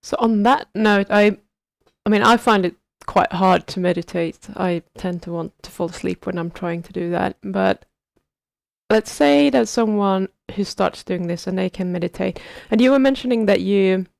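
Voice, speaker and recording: A woman's voice: mid-range voice, moderate pace, creaky, dry recording, studio quality. A woman hosting a podcast, curious and asking long, rambling questions in a casual way. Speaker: podcast host. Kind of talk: casual interview chat.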